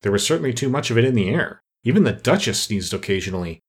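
A man narrating an audiobook with an expressive, varied delivery. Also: mid-range voice, quick pace, husky.

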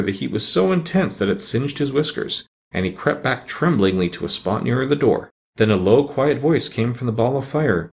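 A man reading a children's storybook aloud as narrator, voicing each character in turn. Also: mid-range voice. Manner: expressive, voices each character. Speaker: audiobook reader.

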